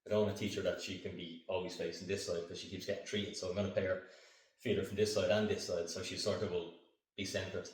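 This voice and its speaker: A man training his dog on camera, calmly explaining each step and breaking off for short commands and upbeat praise to the dog. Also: deep voice, quick pace, recorded from a distance. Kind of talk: hands-on training demonstration. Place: indoor training room. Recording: echoey room, voice off-mic.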